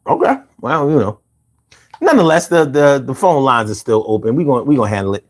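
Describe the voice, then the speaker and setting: Animated man hosting a livestream. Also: medium pitch, fast talker. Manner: loose, profane, animated banter. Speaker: livestream podcast host. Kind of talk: casual livestream chat reading viewer comments.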